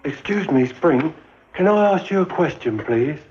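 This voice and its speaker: An actor playing a slow-witted, naive young army private who speaks simply and earnestly, in a 1950s British film comedy. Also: male voice, fairly high pitch, expressive, darkish tone, muffled recording, faint music behind, close to an everyday voice.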